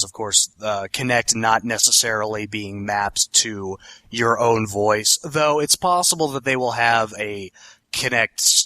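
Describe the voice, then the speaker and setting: A man's voice: fairly low pitch, bright, forceful tone, no room sound. A man co-hosting a podcast, chatting casually about video games in a rambling, self-correcting, opinionated way. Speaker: podcast co-host.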